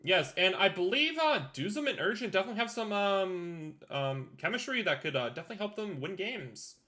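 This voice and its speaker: Bright-voiced young man hosting a live draft. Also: sits high, lively intonation, brisk. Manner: hesitant, many ums and uhs. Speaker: draft host and team owner. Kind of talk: live-stream esports draft commentary.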